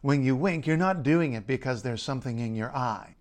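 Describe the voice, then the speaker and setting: A man, a linguist, reading a scripted explainer in a measured, playful way. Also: mid-range voice. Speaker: linguist and writer.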